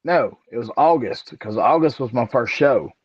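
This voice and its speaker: A wrestler guest from Alabama, answering in a slow, measured way and clearing his throat now and then. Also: medium pitch, expressive, no room sound. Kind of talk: casual interview answers. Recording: dry, dull lo-fi audio.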